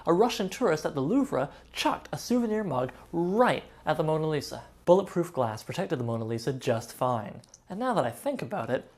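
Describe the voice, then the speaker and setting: Low-voiced woman with a lively, wry delivery. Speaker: web show host. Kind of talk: scripted comic monologue.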